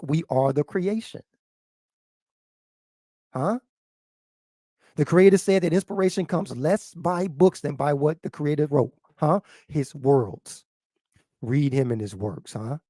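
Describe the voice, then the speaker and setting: A man teaching in a sermon style, reading passages aloud and explaining them, who keeps asking "what?" and "huh?" and repeats phrases, swinging from loud to quiet. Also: fairly high pitch, a little slow, long pauses, dry recording, studio quality.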